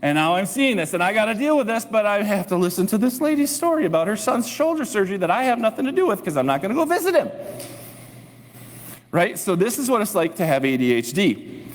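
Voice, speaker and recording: A man preaching as a pastor, telling a lively story and acting out his own inner thoughts. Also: high voice, fast. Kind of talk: sermon. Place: church sanctuary. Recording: long reverb of a church hall.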